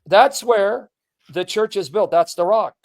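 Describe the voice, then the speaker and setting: A man's voice: high voice, a little slow. A man hosting a casual online religious discussion, reading long quotes aloud and pressing his guests with emphatic questions. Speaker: host of a religious debate stream.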